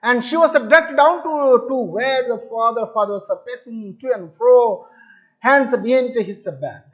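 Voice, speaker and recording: A male English teacher explaining a story to his students, repeating and restating words to make the meaning clear. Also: very high voice, measured pace, fairly bright tone. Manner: addresses listeners as dear children. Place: home or classroom video lesson. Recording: dull lo-fi recording.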